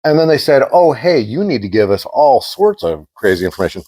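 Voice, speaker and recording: A man co-hosting a podcast, chatting casually and telling an animated story, acting out the quoted exchanges. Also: mid-range voice, brisk, slightly rough. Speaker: podcast co-host.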